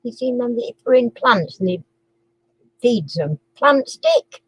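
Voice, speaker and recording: A woman's voice: a little high, animated, moderate pace, a little mellow, breathy edge, no echo, low-quality recording. A chatty woman, hosting a casual live chat and quiz stream, giggling and cooing to her dog between guesses.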